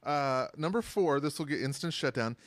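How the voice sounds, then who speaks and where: Animated man telling a story. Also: on the high side, moderate pace, dry recording. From living in Las Vegas. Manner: storytelling, animated, laughs easily. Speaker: podcast co-host. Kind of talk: casual chat.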